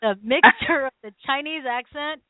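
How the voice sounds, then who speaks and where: A woman's voice: sits high, lively intonation, normal speed, no room sound. A woman hosting a radio talk show; she chats in a storytelling way and laughs often. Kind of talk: radio interview. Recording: dry, tinny phone line.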